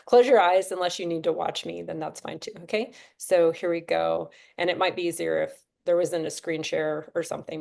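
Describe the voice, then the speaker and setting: Lower-voiced woman guiding breathwork. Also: vocal fry, a little mellow. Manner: chatty, encouraging, talks the class through counts. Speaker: breathwork instructor. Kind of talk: guided breathing class on a video call. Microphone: video call.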